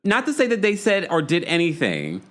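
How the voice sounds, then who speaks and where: Man host, gossipy live-stream recap, lively swooping delivery, slightly high-pitched. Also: moderate pace. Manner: animated, gossipy, mimics people in quotes. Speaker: podcast host. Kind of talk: live recap chat reading viewer comments.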